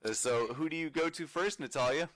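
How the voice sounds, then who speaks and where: A man's voice: fairly high pitch, fairly quick, fairly bright tone, dry recording. A man running a tabletop game as game master, laughing often and talking with many fillers and restarts.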